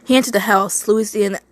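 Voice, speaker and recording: A woman's voice: medium pitch, gravelly, fairly bright tone, no room sound. A woman reading a fan story aloud, often stumbling, repeating words and stopping to make asides. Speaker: reader.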